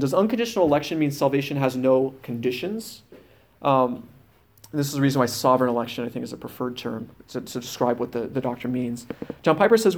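A man's voice: mid-range voice, a little hiss or hum. A man teaching a sermon, reading scripture passages aloud and explaining them firmly, with fillers and restarts. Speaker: preacher.

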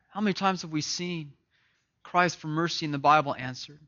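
A man preaching an impassioned sermon that swings between loud emphasis and hushed, grave lines, often repeating words. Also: fairly high pitch, normal speed. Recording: dull lo-fi recording.

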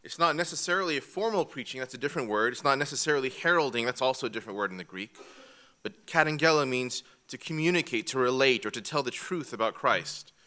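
A man's voice: medium pitch, animated, fast, sharp tone. A man teaching a church class from an outline, methodical and repeating each key point. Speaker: Bible teacher.

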